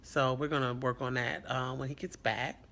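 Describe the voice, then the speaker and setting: A man's voice: mid-range voice, little pitch movement, normal speed, fairly bright tone. A man who is a foster parent, talking in an earnest, reflective and rambling way in a casual vlog.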